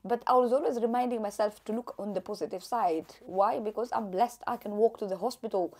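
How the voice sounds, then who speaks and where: A young woman from Kenya, chatty and animated, telling her own story to camera in a casual vlog, laughing often. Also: medium pitch, fairly quick. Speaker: vlogger.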